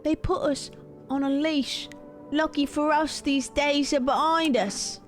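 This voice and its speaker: A woman's voice: sits high, fairly even intonation, a little slow, soft background music, voice pushed up. A woman putting on a wobbly British pack-leader man. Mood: menacing. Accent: attempted British. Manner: preachy, shaky put-on accent. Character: swaggering adult man, ruthless pack leader preaching.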